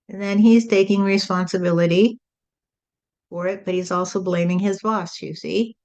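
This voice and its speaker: A woman medium giving calm, repetitive channeled spiritual teaching, often adding "you see". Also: medium pitch, normal speed.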